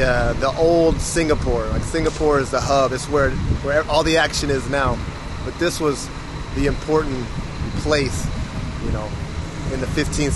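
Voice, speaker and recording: An American man chatting as he films his travels, thinking aloud with fillers, a bit hoarse. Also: on the high side. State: losing his voice. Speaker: travel vlogger. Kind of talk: casual travel vlog narration. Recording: noisy outdoor street sound.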